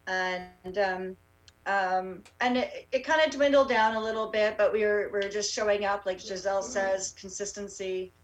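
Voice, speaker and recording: A woman tells her story in a casual interview and keeps stopping on fillers and restarts. Her voice sits at a middle pitch. She sounds set back from the microphone. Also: fairly even intonation, distant mic, low-quality recording. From Canada. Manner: halting, many fillers and restarts. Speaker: rally organizer.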